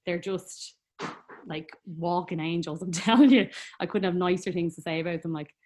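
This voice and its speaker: Girl chatting away about her own story, lots of likes and ums, kinda low voice. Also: moderate pace, darkish tone. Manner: chatty, rambling, many fillers, laughs often. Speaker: guest. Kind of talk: personal storytelling in conversation.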